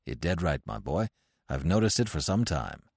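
Man putting on a deep, gruff stout impresario, growly, dry close sound. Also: sing-song, normal speed, a little mellow, no echo, heavily acted. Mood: doting. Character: rotund gruff middle-aged theatre producer, doting father.

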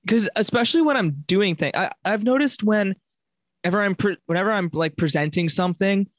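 A man's voice: sits high, a little fast, fairly bright tone, dry recording. A young man from Long Island with a mild Long Island accent, chatting casually as a podcast co-host and rambling with lots of fillers. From Long Island, New York. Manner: rambling, filler-heavy, self-correcting. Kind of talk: casual chat.

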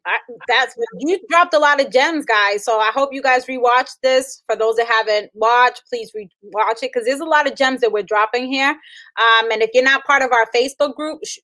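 A woman's voice: on the high side, normal speed, pushed and bright, dry recording, poor audio. A woman hosting a casual conversation, affirming her guests and speaking to viewers. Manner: affirming, frequent "mm-hmm". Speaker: host. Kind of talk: casual chat.

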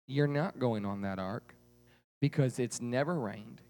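A man's voice: medium pitch, measured pace, creaky, darkish tone, pitched below the performer's own voice. A man voicing a busy mother who firmly scolds her daughter. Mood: stern. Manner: firm, scolding.

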